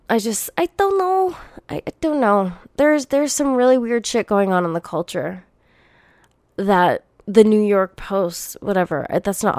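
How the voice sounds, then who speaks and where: A woman's voice: medium pitch, darkish tone, dry recording, studio quality. Blunt, profane woman venting while sick. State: coming down with a cold. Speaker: podcast host. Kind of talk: solo podcast rant.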